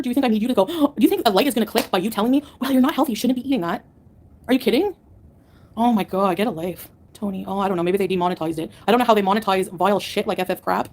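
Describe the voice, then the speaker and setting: Fast-talking woman ranting sarcastically. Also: mid-range voice, animated, darkish tone. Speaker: livestreamer answering chat. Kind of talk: live-stream rant to chat.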